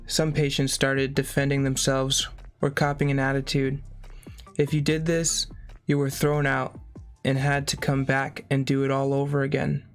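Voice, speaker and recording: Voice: mid-range voice, monotone, moderate pace, smooth, faint music behind. A reader reading a memoir aloud in a plain way, breaking off now and then for short spoken asides.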